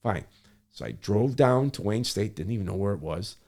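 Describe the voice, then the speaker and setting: With a low, creaky, somewhat dark voice and lively intonation, a middle-aged Michigan public servant recounts a story in conversation. He acts out what others said and often corrects himself mid-sentence.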